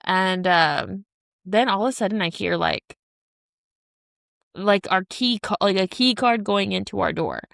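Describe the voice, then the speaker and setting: A woman's voice: medium pitch, unhurried, creaky, pauses often, fairly bright tone, dry recording, clean studio sound. A woman in her thirties co-hosting a podcast, telling a long story in casual chat, rambling with lots of "like" and restarts. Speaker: podcast co-host.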